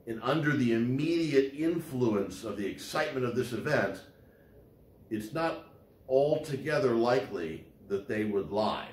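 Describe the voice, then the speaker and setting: A man's voice: mid-range voice, reverberant. A man lecturing casually on law, rambling with frequent fillers and restarts.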